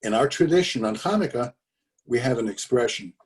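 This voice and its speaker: Older man, mid-pitched, earnest storyteller, speaking a little off-mic on a video call. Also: lively intonation, fairly quick, recorded from a distance. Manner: conversational storyteller with fillers and emphatic repetitions. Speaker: speaker telling his father's story.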